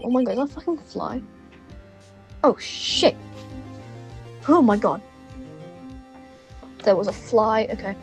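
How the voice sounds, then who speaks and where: A woman's voice: on the high side, lively intonation, slow, pauses often, faint music behind. A young woman with an English accent, chatting and swearing through casual let's-play asides at her computer, recorded on a phone. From England. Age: young adult. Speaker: gaming channel host.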